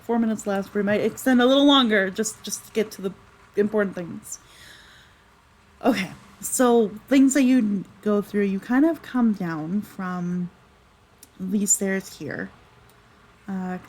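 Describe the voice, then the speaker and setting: A woman's voice: mid-range voice, a little mellow, low-quality recording. A woman narrating as game master of a tabletop game, chatty and rambling with lots of fillers. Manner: chatty, rambling, with many fillers and self-corrections.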